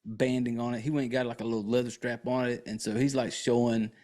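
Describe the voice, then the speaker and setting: A man's voice: medium pitch, flat delivery, quick pace, mellow. A man hosting a podcast, recapping a film in a casual, profane, joking way with lots of fillers. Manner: rambling, crude and joking, with many fillers. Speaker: podcast host.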